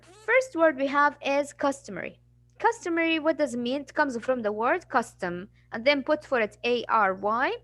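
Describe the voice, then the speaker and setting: A woman's voice: sits high, a bit bright, dry recording. Female English teacher, patient and explanatory, dry close recording. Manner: patient explaining, acts out examples. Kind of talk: classroom vocabulary lesson.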